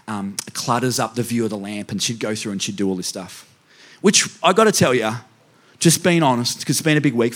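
A man pastor giving a humorous sermon in a church, self-mocking and speaking directly to the congregation. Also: mid-range voice. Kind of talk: humorous sermon with personal stories.

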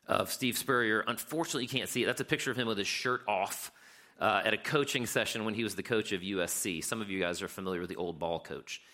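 A middle-aged man preaching a sermon in a conversational way, lively when he tells stories. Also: on the low side. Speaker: pastor.

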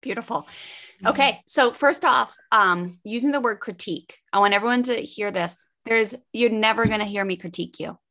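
A woman's voice: on the high side, brisk, pushed and bright. A woman parenting coach speaking in an encouraging, reassuring way in a casual conversation.

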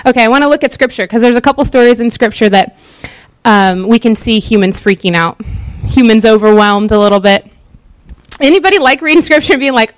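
A woman teaching from scripture in an easy, talkative sermon style, animated and full of fillers. Her voice is somewhat high, smooth and clear, recorded close and dry with no room sound. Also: a little fast, no room sound. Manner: chatty, animated, lots of fillers. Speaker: Bible teacher.

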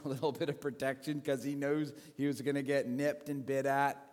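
A man's voice: mid-range voice, flat delivery, normal speed, few pauses, darkish tone. A male pastor telling a story in a sermon, conversational, with restarts and asides. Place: church sanctuary. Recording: long hall reverb.

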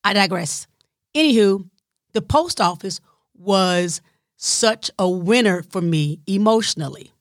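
A woman's voice: medium pitch, expressive, unhurried, no room sound, studio quality. A woman with a Southern US accent telling a personal caregiving story in a chatty, digressive way, with playful asides to her listeners. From Southern United States. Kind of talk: casual storytelling monologue.

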